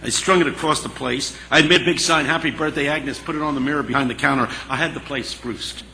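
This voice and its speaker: Gravelly, bright preacher telling a story. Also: male voice, mid-range voice, fast. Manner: animated, dramatic storyteller. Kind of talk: sermon storytelling. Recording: echoey church hall.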